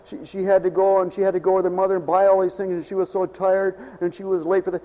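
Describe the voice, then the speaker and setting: A man's voice: high voice, flat delivery, quick pace, warm tone, long reverb tail, lo-fi sound. A man preaching a folksy, off-the-cuff sermon, rambling and repeating himself, needling his listeners with rhetorical questions.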